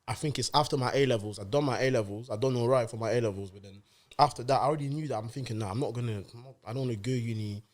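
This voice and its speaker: A young man from Cameroon, telling stories in a relaxed, casual podcast chat. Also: mid-range voice. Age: young adult. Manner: relaxed storytelling, drawn-out slang fillers. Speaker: guest.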